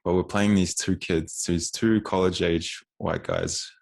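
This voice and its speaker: A man's voice: low voice, steady tone, measured pace, gravelly. A man in his twenties, a podcast guest, telling a story casually with frequent restarts and acted-out quotes. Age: 20s.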